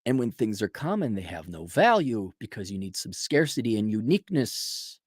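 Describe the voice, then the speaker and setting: A man's voice: fairly low pitch, sing-song, moderate pace, breathy edge, no echo, clean studio sound. A man hosting a live stream, giving sarcastic, scornful commentary in a casual rant with frequent restarts.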